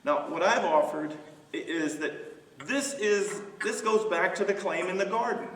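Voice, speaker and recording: A man who is a pastor, leading a Bible study discussion in a halting way, with many fillers and restarts. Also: high-pitched, fairly bright tone. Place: church sanctuary. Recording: echoey church hall, mic from far off.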